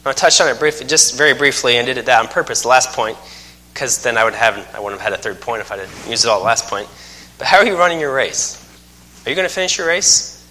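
A man's voice: medium pitch, animated, fast, sharp tone. A man in his thirties preaching a sermon, telling folksy stories with self-mocking humor. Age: 30s. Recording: long hall reverb.

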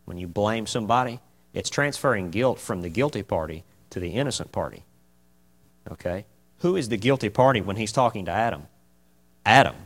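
A man leads an informal Bible study in a folksy, lively manner. He keeps asking his listeners questions and drives his points home. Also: lowish voice. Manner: folksy and animated, asks the group many questions. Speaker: preacher teaching a Bible class.

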